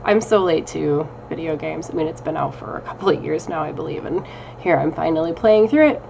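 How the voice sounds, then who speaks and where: A woman in her thirties talks through a casual personal check-in vlog in a low, gravelly voice. She rambles and pokes fun at herself, with a faint hum of the room behind her. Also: expressive, a little fast, dull audio. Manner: chatty, rambling, laughs often, self-deprecating. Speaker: witchcraft vlogger.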